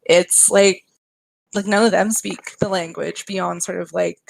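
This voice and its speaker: A woman's voice: lowish voice, steady tone, a little slow, creaky, slight background noise, rough recording. A young woman game developer talking casually in a panel chat, chatty with lots of fillers and laughter. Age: young adult.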